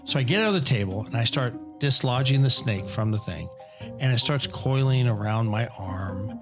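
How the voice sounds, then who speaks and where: Middle-aged dad, profane, rambling storyteller, mid-pitched, faint music underneath. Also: male voice, expressive, moderate pace. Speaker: podcast guest, father. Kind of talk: casual storytelling.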